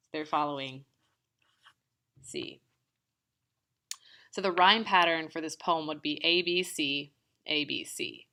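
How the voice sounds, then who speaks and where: A woman's voice: sits low, slow pace, long pauses, bright, forceful tone. A woman teacher explaining poetic form step by step, patiently walking through a poem line by line. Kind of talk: classroom lesson on poetry.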